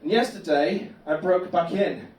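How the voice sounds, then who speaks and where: A male stand-up comedian, telling absurd tales in a deadpan way. His voice sits fairly high. It rings around a roomy club space, caught from a distant mic. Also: a little slow. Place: comedy club bar room.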